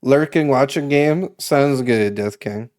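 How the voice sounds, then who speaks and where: A man's voice: mid-range voice, slow pace, a little mellow. A young man from Massachusetts streaming live, chatting in a rambling, casual way with frequent swearing and laughter. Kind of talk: casual chat on a livestream.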